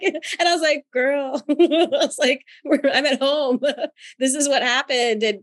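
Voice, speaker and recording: A woman from North Carolina co-hosting a podcast as a therapist, telling personal stories in an animated, chatty way with frequent laughter. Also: high-pitched, a little fast. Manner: animated, laughs often, chatty with many fillers. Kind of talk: casual chat and personal storytelling.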